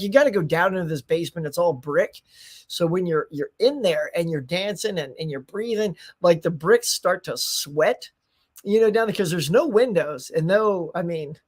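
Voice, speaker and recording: A middle-aged man hosting a casual morning livestream, chatty and upbeat, greeting viewers by name with frequent laughs and restarts. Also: high voice. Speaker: livestream host.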